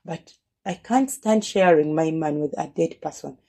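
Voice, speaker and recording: A woman's voice: low voice, a little slow, mellow. A woman telling a personal story in an earnest way, often repeating words and restarting her phrases.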